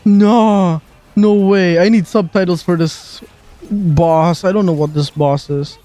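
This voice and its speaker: A streamer doing casual live gaming commentary, reacting loudly and swearing while playing. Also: medium pitch, steady tone, a little slow.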